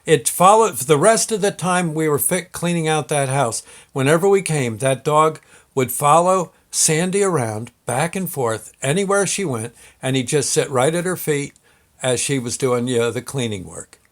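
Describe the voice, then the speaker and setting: Expressive and on the high side, a man's voice moves at a moderate pace as he hosts his show with a casual personal story. It's rambling and folksy, thick with fillers and restarts.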